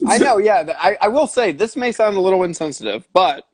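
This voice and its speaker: A man hosting a podcast, chatting casually with frequent swearing and quick asides. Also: high-pitched, lively intonation, breathy edge, dry recording. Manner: profane, quick asides, lots of filler. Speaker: podcast host. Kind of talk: casual chat.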